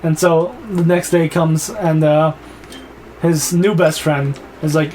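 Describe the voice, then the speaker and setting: A man's voice: on the high side, fairly even intonation, slow pace, music in the background, low-quality recording. A young man co-hosting a gaming video, telling a long story in a rambling, filler-heavy casual way. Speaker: gaming co-host. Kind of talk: casual let's-play chat.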